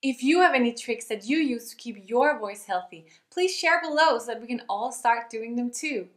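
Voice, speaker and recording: A young woman teaching vocal health in a lively, upbeat way, talking straight to her viewers. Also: fairly high pitch, moderate pace, roomy sound. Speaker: singing teacher.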